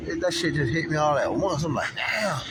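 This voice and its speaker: A man giving a casual, profane video update, telling stories in a loose, animated way. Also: fairly high pitch, fast talker, noisy background. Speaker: vlogger. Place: Florida.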